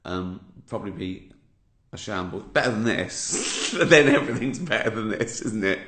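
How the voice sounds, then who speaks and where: A man's voice: on the low side, expressive, normal speed, fairly bright tone. A man in his fifties with an English accent, telling a sardonic story on a casual livestream and swearing freely. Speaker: comedian hosting a livestream. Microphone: phone or laptop mic. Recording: roomy home livestream audio.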